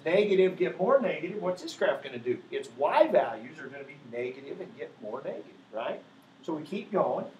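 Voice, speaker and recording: A man with a fairly high, darkish voice and big pitch swings speaks a little fast while teaching math, patiently walking through each step and asking "right?" over and over. The sound is lo-fi, in an echoey classroom with faint background noise.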